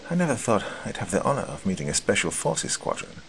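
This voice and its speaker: Guy doing a grumpy weaponsmith, gravelly and low, flat refusals. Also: fast talker, a little hiss or hum, exaggerated voice. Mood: respectful. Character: grumbling male weaponsmith, skeptical, stubborn.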